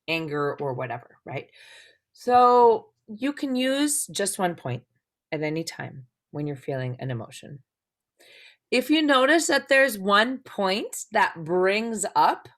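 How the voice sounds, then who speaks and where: A woman teaching a live tapping class, explaining things conversationally and often checking in with "right?". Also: mid-range voice.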